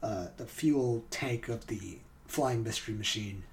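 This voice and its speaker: A man's voice: on the low side, measured pace, recorded from a distance. A man hosting a podcast in casual chat, laughing often and talking with many fillers and restarts. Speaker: podcast host.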